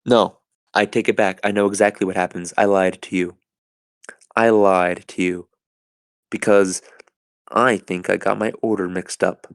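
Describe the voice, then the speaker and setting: A man's voice: sits low, fairly even intonation, unhurried, vocal fry, pauses often, no room sound. A man hosting a podcast, retelling a film scene in a loose, rambling way with many fillers. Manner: casual, filler-heavy, rambling. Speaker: podcast host.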